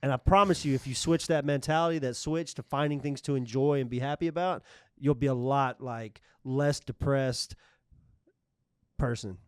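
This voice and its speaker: Podcast co-host, man, blunt and energetic, rambles; smooth voice, mid pitch. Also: moderate pace, no room sound, clean studio sound. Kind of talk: casual podcast chat.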